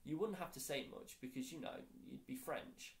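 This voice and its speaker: A man's voice: mid-range voice, moderate pace, vocal fry, roomy sound, lightly acted. A male teacher voicing Lisa, a cheerful, eager schoolgirl who talks in a bubbly, coaxing way.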